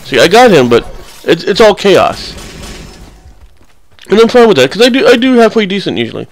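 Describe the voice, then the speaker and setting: A man's voice: sits high, big pitch swings, moderate pace, a little hiss or hum. A young man giving casual, rambling, crude and joking voice-over commentary on his gameplay clips.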